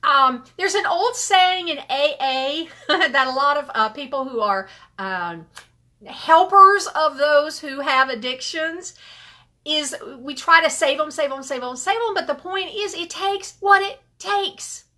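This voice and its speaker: A woman's voice: sits high, lively intonation, a little slow, pushed and bright. A middle-aged woman leading a group gratitude session, upbeat and encouraging, repeating affirmations and answering comments. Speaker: group gratitude workshop leader. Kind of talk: live online group session, reading chat comments.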